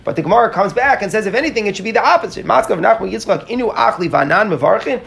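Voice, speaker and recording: A man's voice: sits high, animated, very fast, creaky, a bit bright. A man teaching a live Talmud class to students in California, who asks questions and explains step by step, stumbling and restarting now and then.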